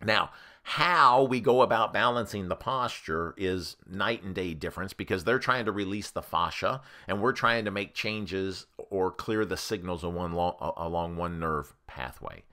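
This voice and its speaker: A man's voice: low voice, moderate pace. A man, a therapist, giving a conversational educational talk that compares treatment methods. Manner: animated, conversational explainer.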